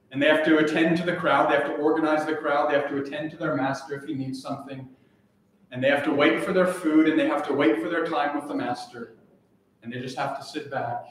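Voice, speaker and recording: A man's voice: fairly high pitch, a little hiss or hum. A man preaching an earnest, emphatic sermon as pastor, repeating his key phrases. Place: church sanctuary. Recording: echoey church from a distant mic.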